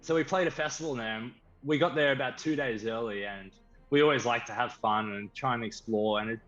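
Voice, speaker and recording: An Australian man, a band member guest, telling a story with lively enthusiasm. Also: mid-range voice, a little fast. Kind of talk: casual storytelling. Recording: slightly dull stream audio with faint music.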